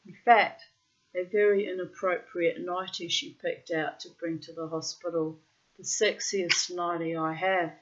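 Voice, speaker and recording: A middle-aged woman talks casually and bluntly, swearing freely as she reads her journal aloud. Her voice sits a little low. The recording sounds dull and lo-fi. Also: steady tone, unhurried, background noise. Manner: frank and profane, breaks into loud laughter. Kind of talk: casual spoken monologue with diary readings.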